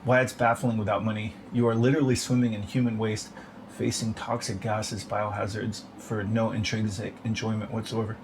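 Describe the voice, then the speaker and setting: A man's voice: on the low side, flat delivery, moderate pace. A man talking in a rambling, casual monologue, swearing often and filling his speech with "like". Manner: profane, rambling, filler-heavy with frequent 'like'. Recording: noticeable background noise.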